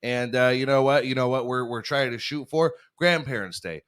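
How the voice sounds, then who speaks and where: A man's voice: mid-range voice, normal speed, fairly bright tone, smooth. A young man hosting a podcast, riffing through a crude comedic monologue and laughing at his own jokes. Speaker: podcast host.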